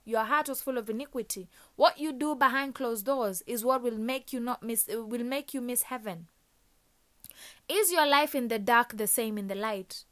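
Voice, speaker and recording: A woman's voice: a little high, normal speed. A woman preaching a sermon, earnestly exhorting her listeners with a stream of rhetorical questions.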